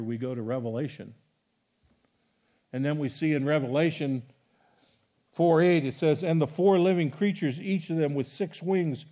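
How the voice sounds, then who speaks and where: A middle-aged man preaching a sermon as a pastor, reading scripture with rising emphasis and chatting to the congregation between passages. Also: a little high. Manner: animated preaching, rising loud on scripture quotes.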